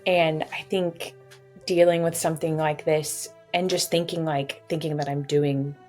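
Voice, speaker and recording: A woman's voice: low voice, little pitch movement, measured pace, darkish tone, faint music behind. A young woman telling her own story in an interview, open and reflective, with light laughs and playful quoted voices. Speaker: patient sharing her story. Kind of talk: candid interview.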